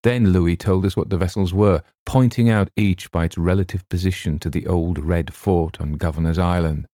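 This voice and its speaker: A man narrating a classic story in a measured, deliberate way. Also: low-pitched, fairly even intonation, warm tone, no room sound, clean studio sound. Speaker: audiobook narrator. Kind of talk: scripted narration.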